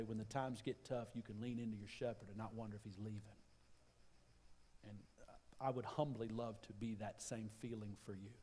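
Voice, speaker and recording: In a church auditorium, a man with a mellow, medium-pitched voice preaches a sermon as pastor, speaking conversationally and repeating his phrases. It's a live recording with long reverb.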